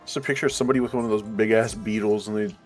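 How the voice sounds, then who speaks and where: Male co-player, relaxed profane banter, lowish voice. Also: rapid-fire, soft background music. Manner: laid-back, profane. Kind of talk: casual chat while gaming.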